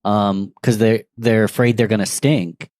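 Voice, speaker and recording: A man with a lowish voice hosts a podcast, asking earnest questions and restarting his sentences as he works them out. His voice is recorded dry and close, with no room sound. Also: steady tone, a little slow, darkish tone, no echo. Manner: earnest, rephrases and restarts, uses emphatic questions. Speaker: podcast host. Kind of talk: interview questions.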